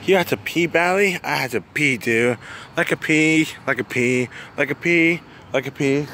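A man's voice: on the high side, moderate pace, bright, forceful tone. A man playing Donald Duck, a hot-tempered cartoon duck, in an amateur fan film, rambling and swearing outdoors by a street. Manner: rambling, swearing, easily startled. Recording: outdoor traffic noise.

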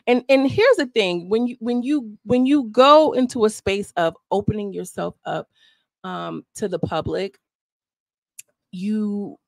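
A woman giving casual, animated opinion commentary as a vlogger, talking straight to her viewers. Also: mid-range voice, dry recording. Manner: animated, chatty, addresses viewers as y'all.

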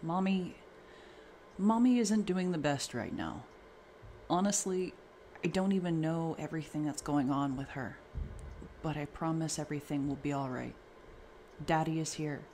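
A man's voice: on the high side, moderate pace, long pauses, a little hiss or hum, natural voice. A man reading an angry, protective father. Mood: soothing. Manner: shouting, furious, then gentle.

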